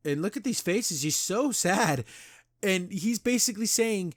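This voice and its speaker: Reviewing an episode on his podcast, this host speaks at a measured pace in a high, animated voice, casually retelling scenes as he goes. The audio is dry and studio quality.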